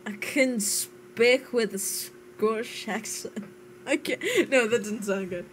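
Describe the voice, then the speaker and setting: A woman's voice: fairly high pitch, slow pace, a little hiss or hum, low-quality recording. A tired young woman chatting casually while streaming a game, giggling and laughing through her words.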